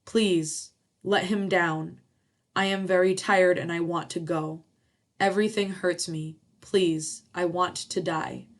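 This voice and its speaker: A woman storyteller voicing a very old, tired woman in pain, speaking slowly and haltingly. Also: on the low side, fairly even intonation. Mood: weary pleading. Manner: slow, halting speech.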